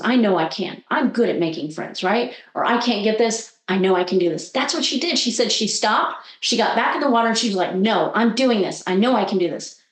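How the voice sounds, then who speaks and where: A woman coach sharing a story in an animated, conversational way, acting out the voices she quotes. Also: mid-range voice, echoey room. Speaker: guest coach.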